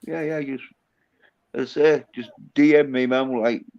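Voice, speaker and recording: A man's voice: medium pitch, fairly even intonation, a little slow, darkish tone, lo-fi sound. An Englishman with a Yorkshire accent chatting casually as a channel host, laid-back, swearing freely and repeating "yeah, yeah". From England. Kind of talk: casual chat on a stream.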